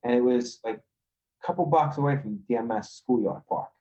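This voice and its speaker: A man from Queens, a podcast guest telling rough street stories in a swaggering, profane way over a video call. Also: medium pitch, normal speed, warm tone, highs cut off. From Queens, New York. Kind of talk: casual storytelling.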